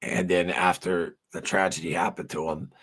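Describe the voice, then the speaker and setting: This livestream host is a middle-aged man whose voice sits low, slightly bright with a breathy edge, delivered in a level tone at a moderate pace. He rambles casually with viewers, using plenty of fillers and swearing freely.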